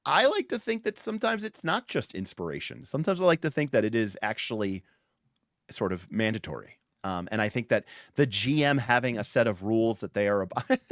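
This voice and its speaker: Animated, rambling male livestream host. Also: on the low side, a little fast, no room sound, studio quality. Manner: animated and rambling, with restarts and fillers. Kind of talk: casual livestream chat.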